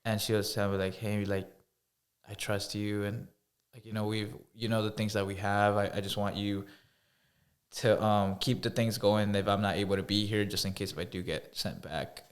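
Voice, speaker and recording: A young man in casual conversation, soft-spoken and hesitant, with many filler words. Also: lowish voice, flat delivery, normal speed. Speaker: podcast co-host. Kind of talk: casual chat.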